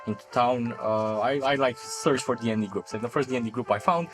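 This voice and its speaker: Halting man chatting about his game character. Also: mid-range voice, fairly bright tone, soft background music. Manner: halting, many restarts and laughs. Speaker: tabletop game player. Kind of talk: casual panel chat.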